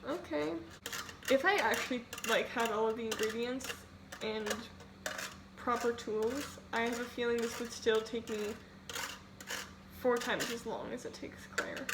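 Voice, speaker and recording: A young woman vlogging casually while cooking in her home kitchen, rambling and poking fun at herself. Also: a little high. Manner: chatty, rambling, self-deprecating, many "like"s. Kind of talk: casual cooking vlog chat. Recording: home video with steady background noise.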